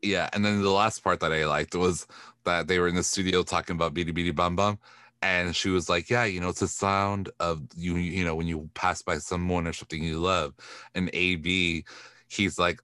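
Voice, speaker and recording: A man from Corpus Christi, Texas, co-hosts a pop-culture podcast in a loose, chatty way, full of fillers and the odd curse. His voice sits very low but comes across bright and forceful. The sound is dry and close. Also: flat delivery, normal speed, dry recording. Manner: chatty, with frequent fillers and swearing. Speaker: podcast co-host. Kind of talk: casual pop-culture chat.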